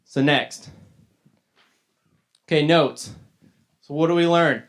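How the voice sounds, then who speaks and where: A man's voice: on the high side, slow pace, gravelly, fairly bright tone. A man teaching a casual Bible lesson to young people, retelling the story loosely with chatty asides. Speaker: youth teacher.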